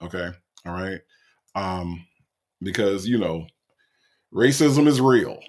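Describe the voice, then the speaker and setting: A man's voice: sits low, lively intonation, slow pace, darkish tone. A man hosting a reaction commentary, emphatic and profane, often repeating "okay? all right?". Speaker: commentary host.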